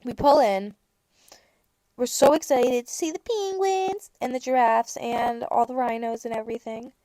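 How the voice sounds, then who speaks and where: A woman's voice: on the high side, normal speed, warm tone, dry recording. A young adult woman hosting a podcast, telling a story in a casual chat with sarcastic rants and acted-out bits of dialogue. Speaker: podcast host.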